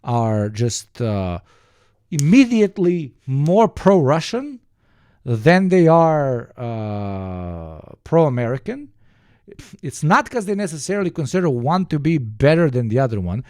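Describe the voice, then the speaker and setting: A man's voice: mid-range voice, very animated, slow pace, a little mellow, no echo, studio quality. A man from Turkey with a Turkish accent, ranting casually on a livestream in a profane, emphatic way, with many fillers and restarts.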